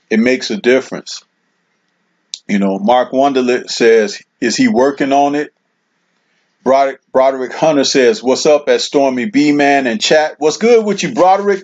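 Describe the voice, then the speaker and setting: A man's voice: medium pitch, darkish tone. A man hosting his own livestream, chatting casually and reading viewer comments aloud in a laid-back way, with lots of "man" and "you know.". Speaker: livestream host. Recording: dull lo-fi stream audio.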